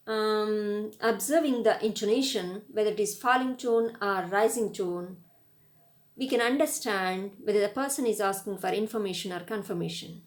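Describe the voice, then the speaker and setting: A woman teaches a grammar lesson, explaining slowly and patiently. She shows rising and falling intonation as she goes, in a voice of average pitch. The room around her has a clear echo. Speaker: English lecturer.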